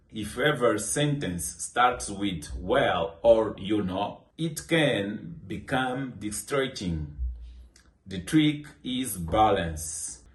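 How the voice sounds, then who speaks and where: A man teaching English in a scripted lesson, speaking in slow, deliberate phrases and acting out short example sentences. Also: on the low side, roomy sound.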